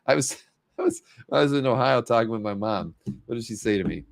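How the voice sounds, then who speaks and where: A show host runs a casual livestream, rambling, correcting himself, laughing often and saying he's losing his voice. His mid-range voice is expressive and brisk with vocal fry, in clean studio sound with no echo.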